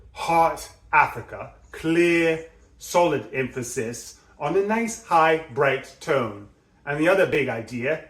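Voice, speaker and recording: A man coaching on speaking, explaining delivery in an animated teaching way. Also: on the high side, roomy sound, recorded from a distance. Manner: animated, demonstrates with his voice.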